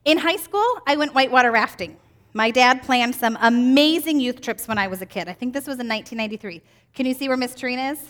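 A woman's voice: on the high side, fast talker, a bit bright. A woman in her forties giving a children's church lesson, upbeat and quizzing the kids with questions. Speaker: children's ministry teacher.

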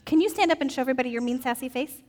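Lively woman leading a children's Bible talk, with a bright, playful delivery in a long-echo church hall. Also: high-pitched, racing. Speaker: children's message teacher. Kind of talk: animated Bible story for children.

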